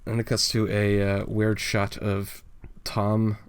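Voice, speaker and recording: A young man with a low voice hosts a casual podcast. He rambles through a comic with lots of filler and frequent giggles. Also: monotone, takes it slowly, clean tone. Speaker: podcast host.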